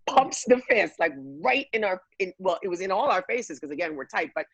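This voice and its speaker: A woman guest telling a lively personal story, acting out quotes from the people in it. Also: mid-range voice, moderate pace, slightly rough, no room sound, rough recording. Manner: lively, acts out quotes, many fillers.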